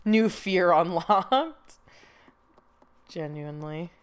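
A woman's voice: fairly low pitch, lively intonation, drawn-out words, clear, resonant tone. A young woman streaming a horror game with jumpy, nervous commentary, swearing often and laughing through her fear, a little sniffly from a recent cold. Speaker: gaming streamer.

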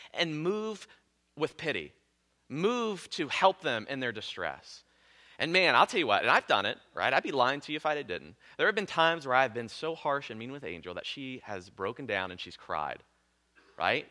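A male pastor preaching a sermon in a lively, conversational way, with self-deprecating jokes. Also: medium pitch.

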